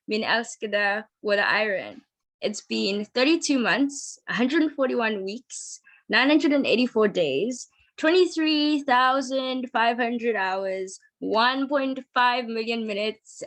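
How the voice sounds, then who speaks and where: A woman, the bride, speaks her wedding vows over a video call late at night. She talks slowly and hesitantly, pausing on ums and laughing softly now and then. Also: fairly high pitch. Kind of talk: reading personal wedding vows.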